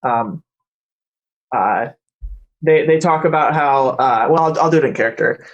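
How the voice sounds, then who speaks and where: A man narrating as game master, halting with many fillers and restarts. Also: medium pitch, lo-fi sound.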